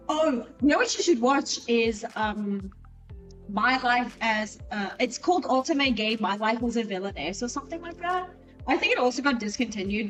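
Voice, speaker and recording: A young woman with a fairly high voice talks off the cuff while studying, animated and full of swearing and quick tangents. She sits a little back from the mic, and soft music plays under her voice. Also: recorded from a distance, low-quality recording. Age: young adult. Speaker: student streamer. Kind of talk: casual chat while studying. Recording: voice a bit off mic, with music behind.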